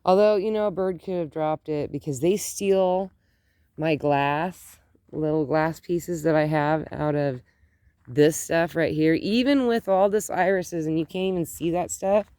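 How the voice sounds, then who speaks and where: A woman's voice: sits low, a little slow, dark tone, clean tone, dry recording, studio quality. A middle-aged woman chatting casually in her garden as she films, rambling with lots of "like". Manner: rambling, says "like" often. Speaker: gardening vlogger. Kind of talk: casual vlog chat. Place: outdoor garden.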